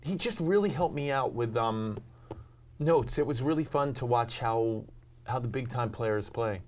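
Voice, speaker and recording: A man's voice: medium pitch, unhurried, a little hiss or hum. A middle-aged man from New York, chatting as an interview guest in a rambling, self-deprecating way with many ums and restarts. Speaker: actor and talk show host, guest. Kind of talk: casual interview chat.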